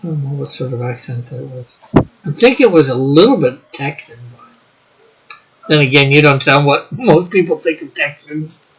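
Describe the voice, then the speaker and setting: A man's voice: on the high side, expressive, normal speed, poor audio. A man co-hosting a casual livestream, joking around and reading viewer comments aloud. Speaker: co-host reading live chat.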